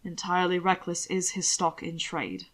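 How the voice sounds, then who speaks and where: A woman voicing a calm, refined aristocratic lord who speaks low and measured, in an audiobook reading. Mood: composed.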